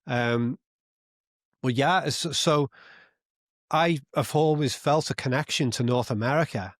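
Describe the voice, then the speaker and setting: A man's voice: medium pitch, a little slow, no echo, clean studio sound. A man in his fifties from Britain, a podcast guest in casual conversation who reflects and thinks aloud. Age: 50s.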